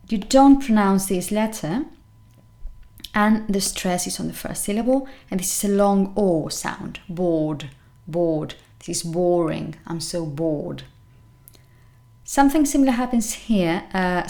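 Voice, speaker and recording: A woman teaching English pronunciation, saying each word slowly and repeating it with care. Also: medium pitch, a little mellow. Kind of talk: pronunciation lesson.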